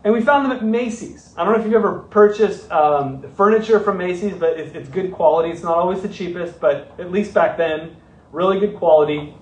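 A middle-aged man, a pastor, telling a story in a sermon with animated, self-mocking humor. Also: high-pitched, a little fast. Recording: roomy, from a distance.

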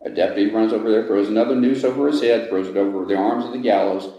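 A man guiding a tour, telling a dark story in a measured, dramatic way inside a large old building. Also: lowish voice, fairly even intonation, distant mic, dull audio. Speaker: ghost tour guide. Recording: echoey room.

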